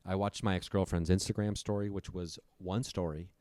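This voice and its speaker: Male guest, low voice, profane storyteller, dry mic. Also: steady tone, brisk, a little mellow, dry recording. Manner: profane, breathless retelling. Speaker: podcast guest. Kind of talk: storytelling on a comedy podcast.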